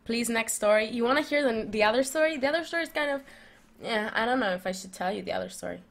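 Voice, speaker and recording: A young woman vlogging, telling a story in a rambling, animated way full of fillers and restarts. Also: fairly high pitch, quick pace, creaky. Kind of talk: casual storytelling.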